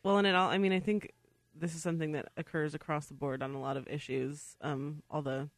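A man's voice: on the high side, little pitch movement, a little fast, no room sound. A man co-hosting a talk show, reasoning aloud and searching for his words. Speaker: co-host. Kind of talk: casual talk show discussion.

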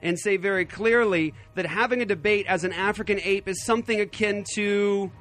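Animated high-voiced male radio host. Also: normal speed, soft background music. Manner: animated, emphatic, laughs often. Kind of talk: talk radio commentary. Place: radio studio.

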